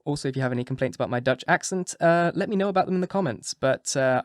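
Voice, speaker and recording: A man hosting and narrating an audiobook, with a relaxed, joking intro and then a steady, clear reading. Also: a little high, fast, few pauses, dry recording, clean studio sound. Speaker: audiobook narrator and channel host.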